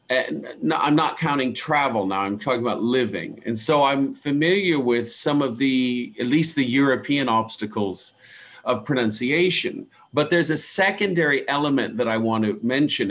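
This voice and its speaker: A middle-aged man with a softened Midwestern American accent, teaching English pronunciation in an online class, speaking slowly and deliberately and spelling out words. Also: medium pitch. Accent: American Midwest, softened by years abroad.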